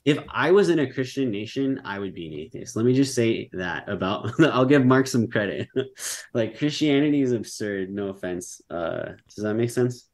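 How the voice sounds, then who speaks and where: A man's voice: mid-range voice, lively intonation, normal speed. A young man in a casual online debate, talking loosely and filling his speech with "like" and "um". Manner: loose, filler-heavy speech with many "like"s and "um"s.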